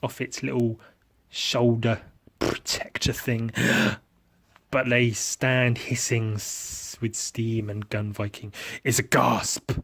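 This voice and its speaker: Man, podcast host, casual improvised narration, slow delivery, playful swearing, mouth sound effects. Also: medium pitch, flat delivery, creaky, fairly bright tone. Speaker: podcast host and miniature painter.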